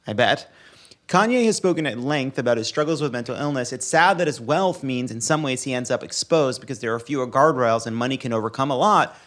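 A man of middle pitch hosting a casual political talk show. He argues with passion, stacking up his points in long runs. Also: lively intonation, brisk, a bit bright. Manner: impassioned, listing arguments in long runs. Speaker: podcast host.

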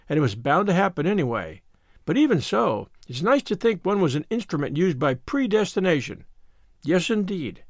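A man's voice: high voice, creaky, dry recording, studio quality, full character voice. A man voicing a dreamy, romantic young woman who speaks with rapture.

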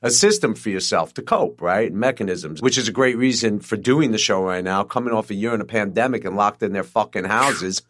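A man's voice: lowish voice, expressive, brisk, hardly any pauses, fairly bright tone. A middle-aged man in casual podcast chat, laid-back, cursing and using lots of fillers.

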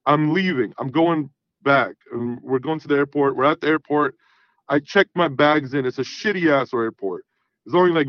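A man's voice: medium pitch, no room sound. A man telling a story casually on a podcast, swearing freely and acting out the dialogue. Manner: profane, animated, acts out quoted dialogue. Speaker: podcast guest. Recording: dull, dry sound.

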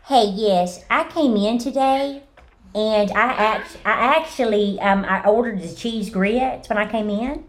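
A woman's voice: mid-range voice, unhurried, slight background noise. A woman making a prank phone call, giggly and crude, often breaking into laughter. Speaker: prank caller.

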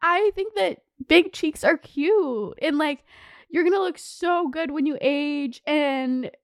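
A young woman with a high, bright-pitched voice rants on her podcast, full of fillers and swearing. She talks in a loose, emotional way. The sound is close and dry. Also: takes it slowly, no room sound. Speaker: podcast host. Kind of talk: casual rant.

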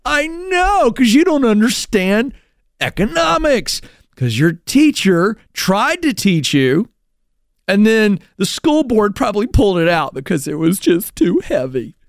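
A male radio host giving fired-up talk show commentary, animated and mocking as he mimics others. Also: sits high, unhurried, dry recording, studio quality.

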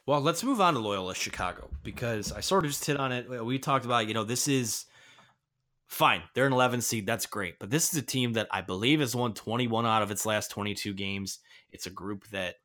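A man's voice: medium pitch, a little fast, sharp tone. A man hosting a casual sports talk show, giving earnest, emphatic opinions. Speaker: podcast host.

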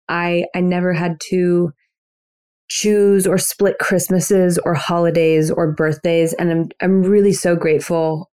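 A pregnant woman in her thirties is a guest on a podcast, with a fairly low, darkish voice captured in a clean tone. She chats casually, reflective and laid-back, using many fillers and lots of "you know."

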